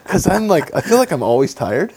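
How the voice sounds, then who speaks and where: A man's voice: fairly high pitch, very animated, fairly quick, a little mellow. A man hosting a podcast in casual chat, joking and laughing often. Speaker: podcast host, physician.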